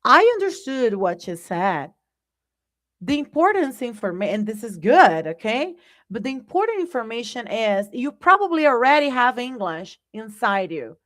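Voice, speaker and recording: A woman with a Brazilian Portuguese accent hosts a live English lesson in a highish, very animated, slightly bright voice at normal speed. Chatting with her "guys," she keeps the tone conversational and frequently asks "right?"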